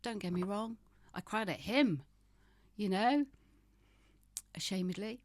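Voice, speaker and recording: A woman's voice: medium pitch, measured pace, dry recording. A woman in her fifties, a podcast guest, talking frankly and often laughing as she moves between humor and grief. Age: 50s. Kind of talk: candid conversational interview.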